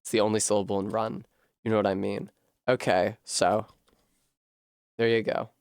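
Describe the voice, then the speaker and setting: A man's voice: on the low side, level tone, moderate pace, pauses often, smooth, no room sound, studio quality. Swearing man puzzling aloud on stream. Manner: profane, puzzling aloud, frustrated. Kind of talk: live-streamed gameplay commentary. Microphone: desk microphone.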